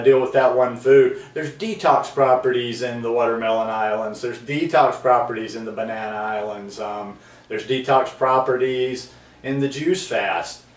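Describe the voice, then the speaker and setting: A man's voice: medium pitch, roomy sound, distant mic. A man hosting his own video blog, talking earnestly to camera in a rambling way with many ums and restarts. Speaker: vlog host. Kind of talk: casual talking-to-camera monologue.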